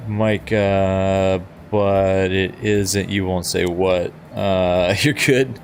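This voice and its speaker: A man's voice: sits low, steady tone, very slow, faint music behind. A man chatting casually on a flight sim live stream, self-deprecating and reading chat aloud, over a headset mic.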